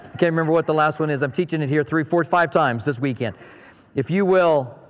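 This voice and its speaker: Brief: a middle-aged male preacher with a high voice, casual and anecdotal, in a church hall with long reverb. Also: brisk. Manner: conversational, anecdotal, asks the audience questions. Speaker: pastor. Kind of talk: sermon.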